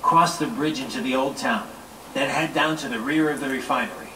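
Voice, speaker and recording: Guy playing a clipped young cyborg soldier, bright tense voice, echoey and far off. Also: medium pitch, steady tone, fairly quick, slight background noise, close to an everyday voice. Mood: flat report. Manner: terse, clipped reports. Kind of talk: game voice acting. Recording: roomy, distant game audio.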